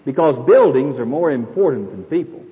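A man preaching a sermon, retelling a scripture story in a folksy, animated way. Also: medium pitch, brisk. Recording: echoey hall, dull lo-fi, faint noise.

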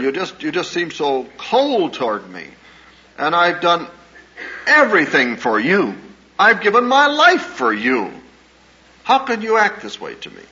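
A man's voice: medium pitch, sharp tone. A man voicing a distraught mother who pleads with her grown daughter in a raised, insistent voice. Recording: dull lo-fi old recording with faint hiss.

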